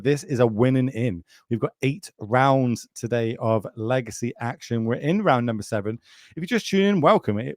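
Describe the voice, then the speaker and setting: A man's voice: mid-range voice, dry recording, studio quality. A man with a British accent doing chatty, jokey live commentary on a card game and speaking straight to viewers.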